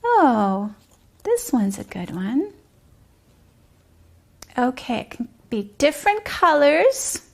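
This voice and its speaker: A woman leading a preschool circle time outdoors, talking slowly and sing-song, sometimes dropping to a whisper for guessing games. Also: sits high, big pitch swings, creaky. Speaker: preschool teacher.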